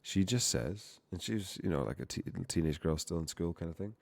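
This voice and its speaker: While coding on a casual live stream, a young man rambles with plenty of profanity, often cutting himself off mid-word. His deep voice is expressive, brisk, creaky, and darkish, with no room sound.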